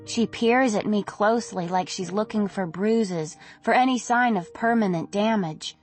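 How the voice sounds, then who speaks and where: A woman reading a novel aloud in the first person, in a gentle, unhurried manner. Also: mid-range voice, soft background music. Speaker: audiobook narrator. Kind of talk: first-person audiobook narration.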